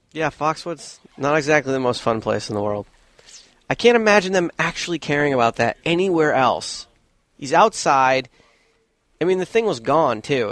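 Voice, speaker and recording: A man's voice: medium pitch, a bit bright, no room sound. A man hosting a radio show, talking in a laid-back, joking way. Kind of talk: casual radio chat.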